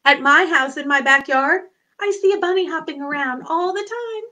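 A woman's voice: sits high, moderate pace, sharp tone. A woman hosting a children's storytime, singing songs and talking to small children in a sing-song, exaggerated manner. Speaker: children's librarian.

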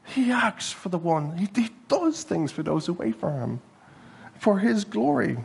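Man, pastor, sermon, earnest, animated, slightly high voice, husky. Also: a little slow. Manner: earnest, animated, with sudden bursts of laughter. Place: church hall.

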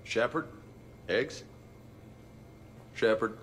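A man's voice: mid-range voice, very slow, a bit bright, slight background noise. An actor playing a cheerful young male marine who calls out heartily to the crew, for a video game. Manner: hearty, calling out to people.

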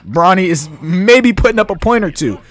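A young man giving live, excitable, slang-heavy commentary as he plays a video game. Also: sits high, moderate pace. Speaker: gamer.

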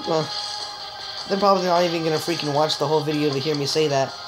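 A woman giving joking, excitable let's-play commentary, chatting straight to viewers and letting out sudden high yelps. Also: fast, rough recording. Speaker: gamer. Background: game music.

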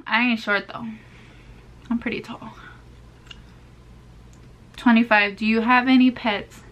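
A woman's voice: fairly high pitch, fairly even intonation, slow, fairly bright tone. A woman of twenty-one, answering get-to-know-me questions in a casual, sassy vlog while chewing gum. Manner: chatty, sassy, playful asides to viewers. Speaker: beauty vlogger.

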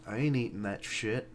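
A man's voice: on the low side, slight background noise. A man hosting a let's play, giving casual, joking commentary and swearing freely. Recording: game music playing behind.

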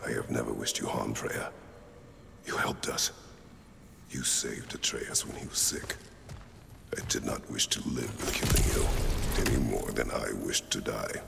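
An actor playing a grim, guilt-worn war god in a video game, speaking slowly and solemnly in a deep gravelly voice. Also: male voice, steady tone, full character voice. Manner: slow, solemn, clipped. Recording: game audio with background noise.

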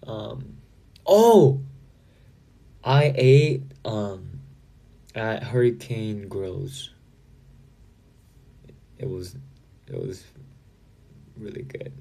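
A man casually chatting with fans on a livestream, reading out and answering their comments in a relaxed way. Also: on the low side, very slow, creaky, pauses often, slightly rough. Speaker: livestream host.

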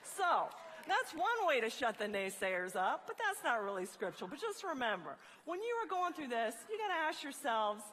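A woman motivational speaker giving a humorous, animated faith-based talk to college students in a large hall. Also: high voice, normal speed. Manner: animated, joking storyteller. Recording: long reverb of a large hall.

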